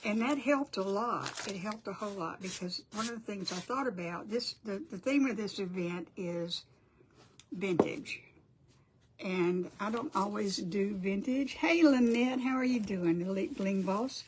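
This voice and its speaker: A woman's voice: medium pitch, unhurried, noisy background. Flustered older woman livestreaming. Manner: flustered, apologetic, chatty, greets viewers by name. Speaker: crafting livestream host. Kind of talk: casual livestream chat.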